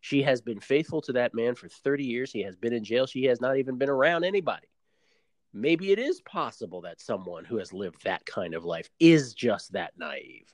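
A man's voice: medium pitch, moderate pace, no room sound. A man co-hosting a podcast, chatting casually and playfully, arguing his points with rhetorical questions. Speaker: podcast co-host. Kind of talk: casual chat recapping a reality show.

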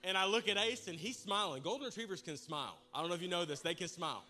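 A man preaching to his congregation, telling a comic personal story with animated, humorous delivery. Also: high-pitched, fast talker. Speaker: pastor. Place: church service in a large room.

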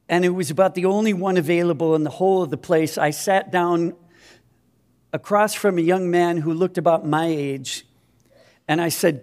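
A man in his fifties from Minnesota tells a personal testimony as a missionary speaker. His voice sits a little high for a man. He talks in an earnest, self-deprecating storytelling way. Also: darkish tone. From Minnesota, USA.

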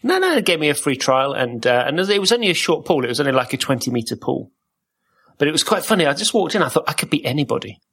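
Man from Wales, husky podcast host, playful and rambling. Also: on the high side, big pitch swings, quick pace, fairly bright tone. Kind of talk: casual chat.

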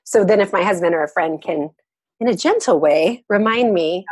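Woman, casual talk, laughs often, husky, dry close sound. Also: fairly low pitch, lively intonation, normal speed, no echo. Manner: warm, laughs often, reflective. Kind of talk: casual conversation.

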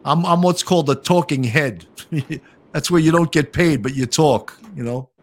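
A man's voice: fairly high pitch, moderate pace. An older man hosting a casual podcast chat, rambling and repeating words as he starts his sentences. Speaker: podcast host.

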